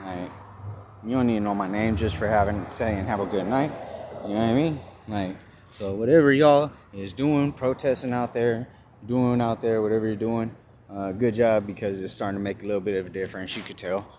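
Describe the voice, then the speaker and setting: A man's voice: fairly low pitch, steady tone, fairly quick, darkish tone. A man casually retelling a story to his phone camera, acting out both sides of the talk, with loose swearing. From California. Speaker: vlogger. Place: outdoors at a store parking lot. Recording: noisy outdoor recording with passing traffic.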